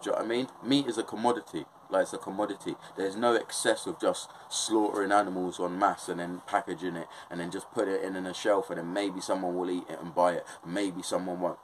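A man's voice: deep voice, fairly even intonation, fast talker, hardly any pauses, a little hiss or hum, rough recording. A young man with an English accent in a casual, impassioned monologue, swearing a lot and often checking that he is understood. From England. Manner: impassioned, swears often, keeps asking "do you know what I mean".

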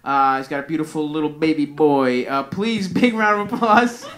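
A man's voice: a little high, normal speed, background noise. A man hosting a live comedy show, trading mocking quips and hyping up the next comic in a rambling way. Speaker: podcast host and emcee. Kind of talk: live comedy podcast banter and introductions. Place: comedy club stage with live audience. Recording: live venue with audience.

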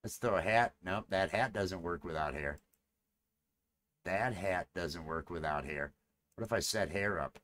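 A man's voice: deep voice, measured pace, fairly bright tone. A man chatting casually with viewers during a live stream. He rambles and repeats his phrases as he works, and he.

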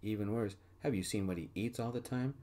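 A man softly voicing a blunt, exasperated male bandmate in an audio story. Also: on the low side, fairly quick, natural voice. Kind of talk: soft-spoken ASMR storytelling.

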